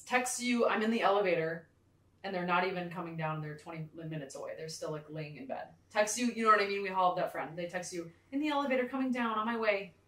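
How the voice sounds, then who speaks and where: A woman's voice: lowish voice, fast talker, a bit bright. Woman, young adult, casual explaining, roomy echo, distant mic. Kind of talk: casual chat.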